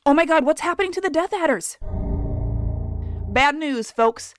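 A woman hosting a scripted, comedic wildlife lesson, theatrical and profane, who spells words out loud. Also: sits high, expressive, normal speed, faint music behind. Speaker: science video host.

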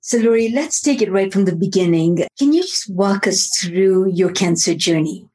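A woman hosting a podcast, reading a measured introduction of her guest and then asking her questions. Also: medium pitch, expressive, a little mellow. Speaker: podcast host. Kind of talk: scripted introduction, then interview. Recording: faint guitar music behind.

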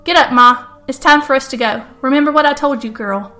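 A woman's voice: fairly quick, sharp tone, faint music behind. A woman voicing a harsh, menacing old grandfather who barks orders and hisses threats. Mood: commanding. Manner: barking orders, then low threats.

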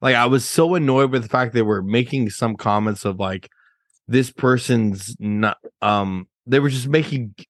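A man's voice: medium pitch, normal speed, dry recording, clean studio sound. A young man hosting a podcast in casual chat, blunt and swearing freely. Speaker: podcast host.

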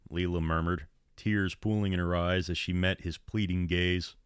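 A man reading his own horror story aloud in a measured, ominous storytelling manner. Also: sits low, fairly even intonation, clear, resonant tone, dry recording, clean studio sound.

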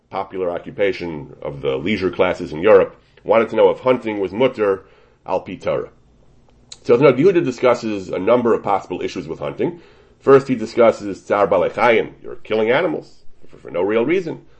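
A man's voice: fairly low pitch, a little mellow, breathy edge. A man teaching a Talmudic-style lecture, walking through a source step by step and often restarting his sentences. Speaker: Torah teacher. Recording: dull lo-fi recording.

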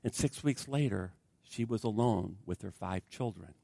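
A man's voice: sits high, lively intonation, normal speed, fairly bright tone, no echo, clean studio sound, voice pushed up. A man retelling the words of a tearful widow, speaking earnestly in her voice during a sermon. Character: grieving widow who found her way back.

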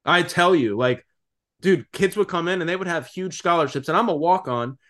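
Blunt young man, swearing, slightly high. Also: normal speed, fairly bright tone. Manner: blunt, swears freely, piles up "like" and "dude". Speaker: podcast co-host. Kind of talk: casual podcast chat.

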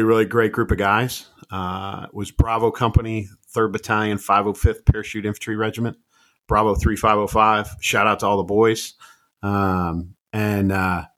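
A man in his fifties, a retired army officer, telling his story as a podcast guest in a measured, reflective way with frequent ums and uhs. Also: fairly low pitch. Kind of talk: conversational storytelling interview.

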